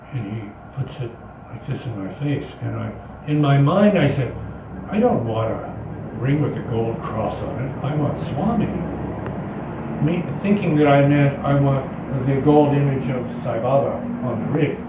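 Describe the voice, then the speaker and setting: A man's voice: medium pitch, unhurried. A man giving a personal storytelling talk as guest speaker at a spiritual center, earnest and rambling, often restarting his sentences. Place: meeting hall, indoors. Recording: echoey hall, distant mic, background noise.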